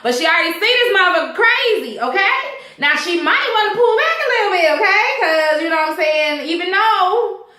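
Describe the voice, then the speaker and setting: A young woman recapping a TV episode in a casual, profane, animated vlog, acting out the characters' lines as she goes. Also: very high-pitched, a little fast, reverberant. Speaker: TV show reviewer.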